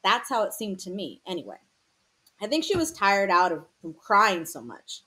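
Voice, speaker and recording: A woman's voice: mid-range voice, huge pitch swings, moderate pace, pushed and bright. Woman voicing a scared, slangy teenage boy. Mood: tense. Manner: slangy, tense storytelling. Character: troubled teenage boy telling a painful story.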